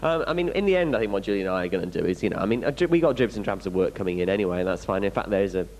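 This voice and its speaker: A man's voice: sits low, animated, racing, darkish tone, slight background noise, poor audio. A young English man with an English accent, answering fan questions bluntly and candidly on a panel. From England. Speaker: guest actor. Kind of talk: fan convention Q&A.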